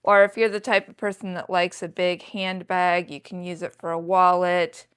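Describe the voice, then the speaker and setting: A woman's voice: fairly low pitch, level tone, moderate pace, a bit bright, smooth. A woman in her sixties chatting to viewers in a casual haul vlog, showing off thrifted handbags with chatty enthusiasm. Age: 60s. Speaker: thrift reseller vlogger.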